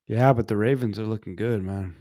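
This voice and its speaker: A man's voice: lowish voice, fairly quick, warm tone, no room sound, studio quality. A man co-hosting a podcast in casual chat, joking and laid-back in his banter. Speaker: podcast co-host.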